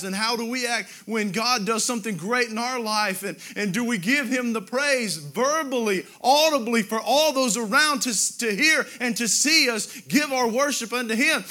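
A man preaching a sermon, drawing out Bible quotes and rising to loud emphatic exclamations. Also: very high voice.

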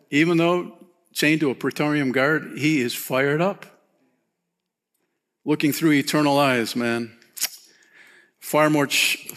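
A pastor preaching a sermon, casual and animated, peppering his talk with "man" and "you know". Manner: animated, rises high when excited, softens and drops low near the close.

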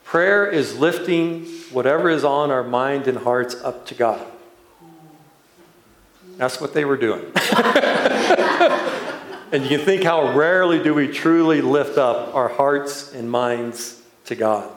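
A male preacher tells a story from the pulpit at a slow, deliberate pace. His mid-pitched voice rings out in an echoey church room. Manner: unhurried storytelling, building to laughter. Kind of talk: sermon with a personal story.

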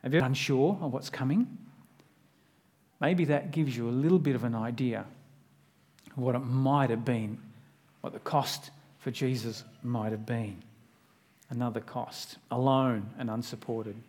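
A man's voice: mid-range voice, fairly even intonation, normal speed, long pauses, a little mellow. A man preaching a sermon in an earnest, conversational way, often turning to the listener with direct questions.

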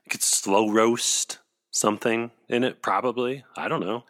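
A man's voice: mid-range voice, steady tone, a little slow, fairly bright tone. A man co-hosting a casual comedy chat with playful, wry asides. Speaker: podcast co-host.

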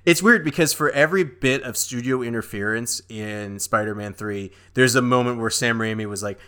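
Podcast co-host, young man, bright voice, rambly, does silly impressions. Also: medium pitch, moderate pace, clean tone. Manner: rambling with fillers, doing goofy character impressions. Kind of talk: casual chat.

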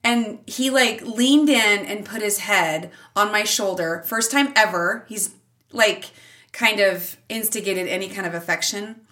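A middle-aged woman, a mother and teacher, telling a family story as a podcast guest, animated and laughing often, with big leaps in pitch when she quotes herself. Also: a little slow, distant mic. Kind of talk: casual storytelling in an interview.

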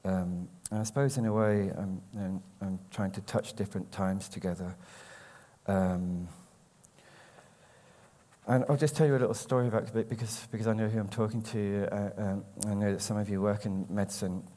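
English man, poet, low mellow voice, slow measured reading, hesitant asides. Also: fairly even intonation. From England. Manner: slow, measured recitation, hesitant and halting between poems. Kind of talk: poetry reading with spoken introductions.

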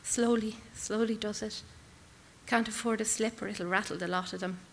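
A woman reading literary prose aloud in measured, intense, clipped phrases. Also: mid-range voice, steady tone, gravelly, fairly bright tone, long reverb tail, a little hiss or hum. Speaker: reader.

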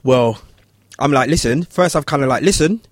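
Man, casual storytelling, animated character voices, dry close sound. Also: moderate pace, dry recording. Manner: animated, acts out voices in high pitch. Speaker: barber telling a story.

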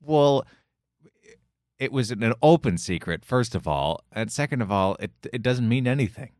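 A man's voice: medium pitch, expressive, moderate pace, darkish tone, dry recording. A man hosting a casual chat and asking questions in a dry, teasing way. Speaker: podcast host.

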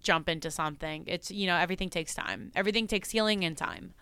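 A young woman talking casually as a podcast guest, earnest and animated, laughing often. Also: on the low side, fast, clean tone, no room sound. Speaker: podcast guest, psychic medium. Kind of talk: casual chat.

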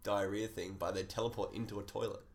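A man's voice: on the low side, fairly even intonation, fast. A man co-hosting a comedy podcast, rambling and laughing at himself. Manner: laughing, rambling, self-mocking. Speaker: co-host. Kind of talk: casual comedy podcast chat.

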